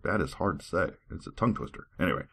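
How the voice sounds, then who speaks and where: A man's voice: low-pitched, expressive, quick pace, fairly bright tone, husky. A man hosting a podcast, reading scripture aloud and mocking it with sarcastic asides, stumbling over archaic words. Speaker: podcast host.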